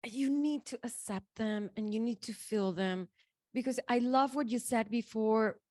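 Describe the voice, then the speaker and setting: A woman's voice: on the high side, a little slow, darkish tone, no room sound. Chatty woman telling a story, dry sound. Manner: chatty, many restarts and "like". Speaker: guest. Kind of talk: casual storytelling.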